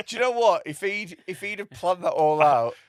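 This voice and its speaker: A man hosting a comedy podcast, telling stories in a lively way, with restarts and laughter. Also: high-pitched, no room sound, studio quality. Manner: animated storytelling with quick restarts and laughter. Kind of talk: casual chat.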